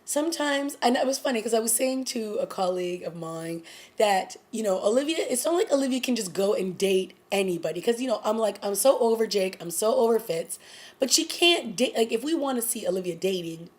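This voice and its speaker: A woman's voice: fairly high pitch, expressive, fairly quick. A woman in her thirties chatting casually through a TV episode review, exclaiming and acting out quotes. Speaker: TV recap vlogger.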